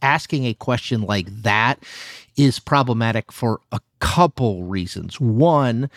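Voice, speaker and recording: A man, a journalist guest, explaining things in an animated, emphatic way and hedging with "you know.". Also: mid-range voice, measured pace, dry recording, clean studio sound. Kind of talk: conversational explanation.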